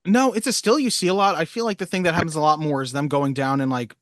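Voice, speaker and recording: This is a man co-hosting a laid-back movie podcast, with a voice sitting a bit higher than most men's. He wanders from point to point and laughs along as he goes. The sound is dry and close, with no room around it. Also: fast talker, no echo. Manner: chatty, laughs easily, rambling asides. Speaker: podcast co-host. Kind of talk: casual movie chat.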